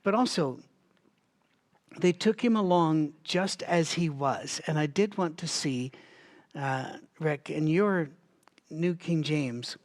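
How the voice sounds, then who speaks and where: A man with a slightly high voice speaks slowly while leading a Bible study. He teaches conversationally, thinking aloud with asides and restarts, and a recurring cough interrupts him now and then.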